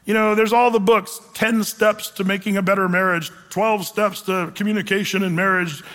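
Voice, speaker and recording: A male pastor giving a sermon, preaching in an animated, conversational way with humor. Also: high voice, normal speed. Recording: long hall reverb.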